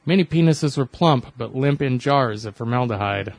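A man's voice: medium pitch, expressive, moderate pace, no room sound. A man co-hosting a crude podcast chat, laid-back and hesitant, trailing off into fillers. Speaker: podcast co-host.

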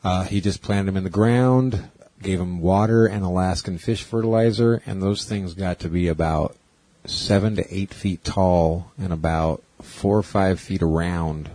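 A man with a low, dark, somewhat husky voice chats casually. He banters in a laid-back, joking way. The sound is dry and close. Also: a little slow, no echo, low-quality recording. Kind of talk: casual chat.

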